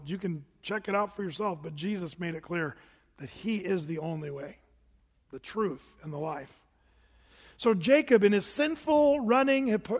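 High-voiced man preaching in an echoing hall. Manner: earnest, emphatic preaching with repetitions and asides. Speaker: pastor. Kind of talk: sermon. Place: church sanctuary.

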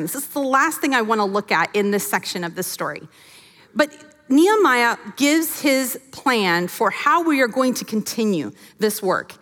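A woman teaching a sermon from scripture, animated and acting out the characters' voices as she tells the story. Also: fairly high pitch, big-room sound. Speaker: Bible teacher.

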